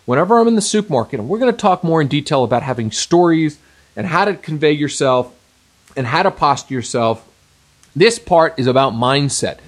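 A man's voice: a little high, expressive, fairly quick. A middle-aged man giving an emphatic seminar talk as a dating coach, repeating points and addressing the men directly.

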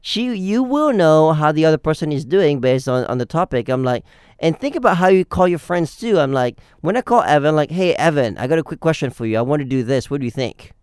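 Animated man giving dating advice. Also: a little high, a little fast, clean tone, no echo, studio quality. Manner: animated, acts out phone calls with playful voices. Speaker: dating coach. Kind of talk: casual podcast advice.

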